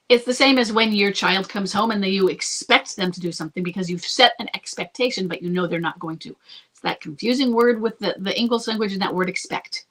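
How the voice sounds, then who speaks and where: Talking fast in a medium, slightly bright voice, a woman who coaches couples answers a listener's question about rebuilding a marriage in an advice monologue to camera. She sounds earnest and reassuring, often checks in with "okay?", and thinks aloud, restarting her sentences.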